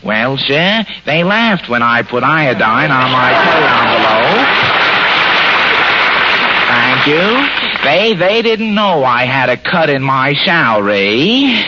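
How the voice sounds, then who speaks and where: A man doing a flat nasal deadpan grouch. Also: mid-range voice, slow, very noisy. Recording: dull 1940s radio broadcast.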